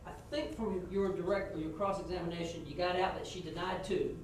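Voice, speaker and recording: In an echoey classroom recorded from a distance, with slight background noise, a middle-aged man gives students frank spoken feedback after a mock trial. His voice sits high and keeps a steady tone at a fairly quick pace, and his folksy manner includes acting out example questions.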